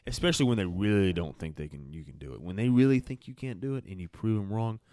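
A man's voice: on the low side, expressive, quick pace, a little mellow, dry recording, studio quality. A young man talking bluntly and emphatically in a casual chat, swearing freely.

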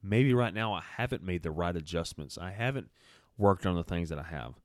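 A young man speaks in a very low voice, blunt and emphatic and quick to swear. It's a casual chat, and the recording is dry with little room sound. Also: lively intonation, dry recording.

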